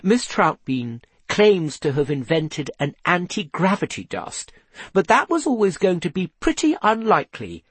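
A man's voice: high voice, sing-song, breathy edge, dry recording, voice pushed up, exaggerated voice. A man voicing a thoughtful lady sleuth. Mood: earnest. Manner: measured, earnest, sighing. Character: composed woman investigator, thoughtful.

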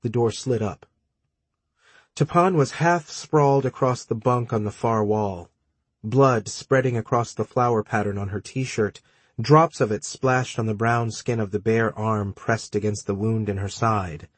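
A man narrating a story in the first person, measured and dry, with terse dialogue. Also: lowish voice, breathy edge, no echo. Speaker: audiobook narrator.

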